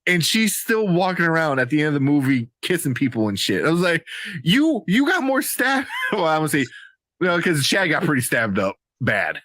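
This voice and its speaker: A man's voice: a little high, very animated, brisk, a bit bright, no echo. A man co-hosting a casual movie review show, talking animatedly and laughing, often mimicking characters in playful voices. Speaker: podcast co-host.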